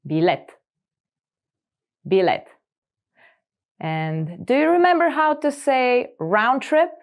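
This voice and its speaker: A woman hosting a scripted vocabulary lesson, repeating each word slowly and clearly for learners. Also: high voice, sing-song, noisy background. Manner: slow, clear repetition of words for learners. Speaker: language lesson host.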